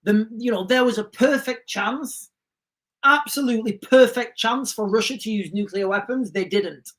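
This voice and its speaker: A man's voice: high-pitched, normal speed. A man hosting a casual livestream, reading viewer comments and rambling with frequent restarts. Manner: rambling, restarts often, animated asides. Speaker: livestream host.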